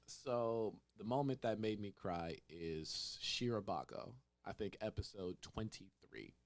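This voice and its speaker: A young man hosting a casual podcast, telling a story with lively acted-out quotes. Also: lowish voice, unhurried. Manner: animated storyteller, acts out quotes in raised voices. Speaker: podcast host. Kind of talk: casual chat.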